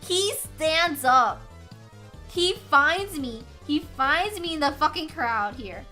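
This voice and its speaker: A young woman streaming, telling a story to her chat in a casual, animated way, laughing often and swearing freely. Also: high-pitched, slow pace, faint music behind. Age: young adult. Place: home streaming setup.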